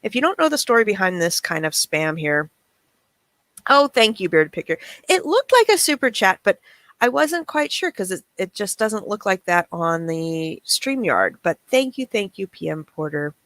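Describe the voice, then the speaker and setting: A woman's voice: medium pitch, big pitch swings, moderate pace, fairly bright tone, no room sound. A middle-aged woman hosting a casual livestream chat, reading messages aloud with wry, chatty remarks. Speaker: reseller channel host.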